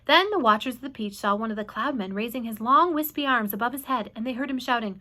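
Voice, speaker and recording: A woman reading a children's book aloud in an expressive, animated way. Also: a little high, fast, few pauses. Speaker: storyteller.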